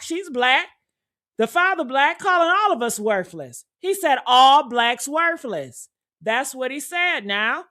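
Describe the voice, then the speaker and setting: A woman delivers reaction commentary in a high voice. She talks slowly and with heavy emphasis, repeating lines and calling listeners honey and baby. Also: a bit bright. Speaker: commentary creator.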